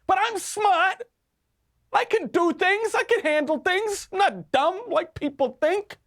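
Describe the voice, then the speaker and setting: A man's voice: very high voice, unhurried, fairly bright tone, voice pushed up, exaggerated voice. A man putting on a whiny, insecure Italian-American mobster with a put-on Italian-American accent, in a mocking impression.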